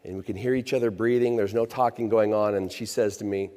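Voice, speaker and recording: A man's voice: on the low side, steady tone, brisk, dark tone. Man telling stories on a conference stage. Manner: anecdotal, self-deprecating, acts out quoted voices. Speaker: chief revenue officer. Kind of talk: conference keynote storytelling. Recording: reverberant conference hall.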